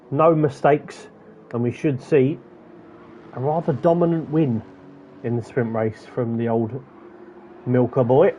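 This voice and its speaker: A man's voice: mid-range voice, warm tone, highs cut off, slight background noise. Man commentating a sim race. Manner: chatty, rattles off positions and gaps.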